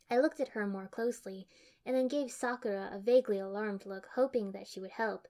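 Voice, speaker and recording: A woman's voice: medium pitch, brisk, darkish tone. A woman reading first-person fan fiction aloud in a dry, matter-of-fact manner. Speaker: audiobook reader.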